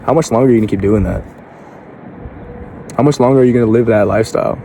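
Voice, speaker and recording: Bluntly and confrontationally, a male motivational speaker curses and fires rhetorical questions at his audience. He talks fast in a mid-range voice that is creaky and mellow, with a slight hiss or hum in the recording.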